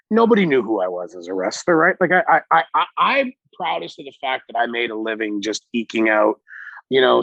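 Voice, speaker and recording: A middle-aged man, a podcast guest, telling animated stories with a lot of swearing and acted-out quotes. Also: mid-range voice, vocal fry, dry recording. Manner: animated, profane, acts out quotes. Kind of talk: casual storytelling. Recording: dull lo-fi recording.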